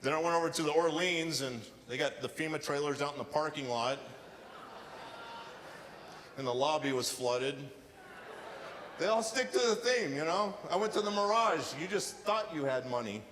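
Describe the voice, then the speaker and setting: A man performing a stand-up comedy set with deadpan storytelling and acted-out quotes, on a casino showroom stage. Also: fairly high pitch, normal speed, long pauses, a little hiss or hum. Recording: live hall reverb with faint ambience.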